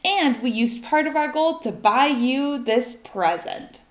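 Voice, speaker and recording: A woman voicing an earnest young boy who is devoted to his pet, high and eager. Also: animated, slow. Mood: excited. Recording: echoey room.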